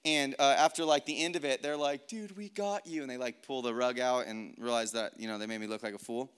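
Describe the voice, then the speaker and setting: A man's voice: medium pitch, steady tone, fast talker, fairly bright tone, clean tone. A man giving a casual, earnest personal testimony, talking in a loose conversational way with many fillers. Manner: casual and conversational, heavy use of "like"; earnest, reflective storytelling. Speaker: speaker sharing a faith story.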